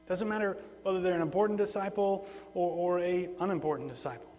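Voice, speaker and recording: A man preaching a sermon in a relaxed, conversational way, often repeating words for emphasis. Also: high-pitched, fast talker, hardly any pauses. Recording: long hall reverb, faint mains hum.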